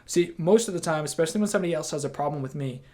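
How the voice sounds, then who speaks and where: A young man gives a training talk to his team in a casual, emphatic way, breaking now and then into quick quoted lines. His voice sits a little higher than most men's. The delivery is loose and conversational rather than scripted. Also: warm tone.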